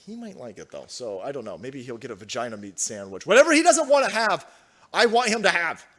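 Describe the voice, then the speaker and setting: A man's voice: medium pitch, wildly swooping pitch, fast talker, sharp tone. A young man hosting a livestream, ranting profanely about politics and reading out viewer chat. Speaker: livestream host.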